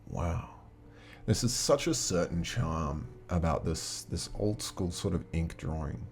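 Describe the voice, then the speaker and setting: A man's voice: low-pitched, unhurried, a little hiss or hum. A man playing a solo tabletop adventure book, reading the text aloud and chatting casually with his viewers. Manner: chatty, reads game text aloud, talks to chat. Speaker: game master.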